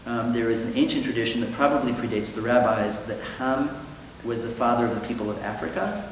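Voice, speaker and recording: A slightly fast, mid-range male voice belongs to a rabbi teaching Talmud in a conversational style inside a synagogue study hall. He's reflective, yet turns livelier whenever he performs the dialogue quoted in his stories. The recording, made from a distance, is very echoey with faint noise.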